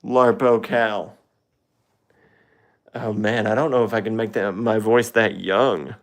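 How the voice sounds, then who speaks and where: A man's voice: lowish voice, fairly even intonation, slow pace. A man streaming live into his phone, chatting casually in a rambling, hesitant, self-deprecating way. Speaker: livestreamer.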